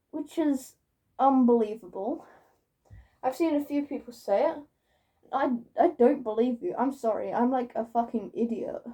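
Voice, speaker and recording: A young woman talks straight to camera in a loose, rambling vlog, often laughing at herself and swearing as she goes. Her voice sits a little high, with a soft, mellow tone. She is a bit far from the mic. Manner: rambling, self-mocking, swears casually. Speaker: YouTuber. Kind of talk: casual vlog monologue.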